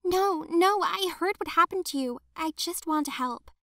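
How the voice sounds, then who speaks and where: A woman's voice: very high voice, normal speed, bright, forceful tone, no room sound, studio quality, voice pushed up, heavily acted. A woman voicing a remorseful teenage girl who earnestly pleads to help. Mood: pleading.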